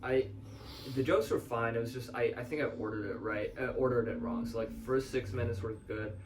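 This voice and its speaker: A man's voice: mid-range voice, fairly quick, a little hiss or hum. A man who does stand-up tells loose, rambling stories in a laid-back, casual way. He sits away from the mic, and a roomy echo hangs on every line. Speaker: stand-up comic. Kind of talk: casual chat. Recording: echoey room, mic at a distance.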